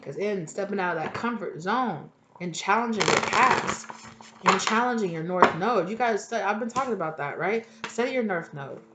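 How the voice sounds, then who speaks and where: A woman's voice: medium pitch, moderate pace, heavy background noise. Chatty woman reading tarot, swearing freely. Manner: chatty, animated, swears freely, laughs at herself. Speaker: tarot reader. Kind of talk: casual collective tarot reading.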